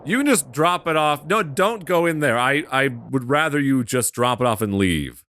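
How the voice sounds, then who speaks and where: A man's voice: medium pitch, expressive, normal speed, fairly bright tone, dry recording. A man giving casual gameplay commentary with crude, sarcastic humor.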